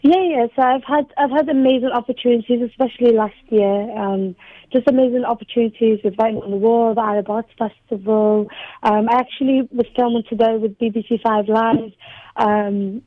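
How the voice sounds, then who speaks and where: A young poet and spoken word performer from Liverpool, with a Scouse accent, is interviewed on the radio by phone. Her voice is a little high and steady at normal speed, and she speaks hesitantly with many ums. The phone line sounds tinny and dry.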